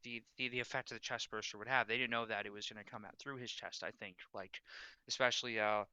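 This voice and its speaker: A man's voice: on the low side, fairly even intonation, quick pace, pushed and bright, clean tone, no echo. A man co-hosting a film podcast, often stammering and repeating words as he starts a thought. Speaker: podcast co-host. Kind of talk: casual film discussion.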